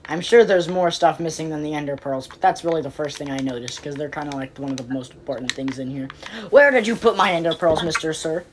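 A woman commentating casually on her game, rambling and playfully exasperated, breaking into quick pleading outbursts. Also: sits low, background noise. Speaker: game player.

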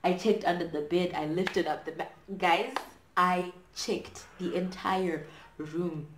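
A young woman from Zimbabwe tells a story at home, chatty and dramatic, full of "like" and "right?". Her voice sits a little low. The room is echoey. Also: fairly even intonation, slow pace, slight background noise. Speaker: vlogger. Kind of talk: storytime chat while doing hair.

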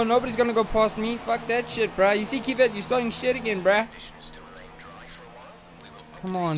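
Frustrated by a rival driver, a young man hosting a gaming channel swears and rants while playing a racing game. His voice is high-pitched, with slight background noise.

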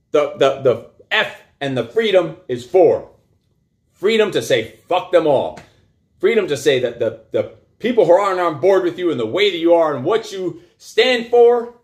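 A middle-aged male coach rants with raw energy, his voice sitting high and swinging wildly up and down. He swears constantly and drives points home by repeating them. The talk is blunt and emphatic, built to pump listeners up. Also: very animated, unhurried. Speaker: coach and show host. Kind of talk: profane motivational rant.

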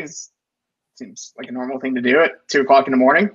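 A man's voice: mid-range voice, fairly even intonation, fast, a bit bright, husky, lo-fi sound. A man telling a story in a casual podcast chat, rambling with many restarts and fillers. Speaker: podcast guest.

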